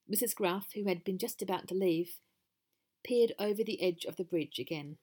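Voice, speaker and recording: A woman's voice: on the low side, fairly even intonation, unhurried, warm tone. A woman hosting a podcast, narrating her own story in a wry, conversational way.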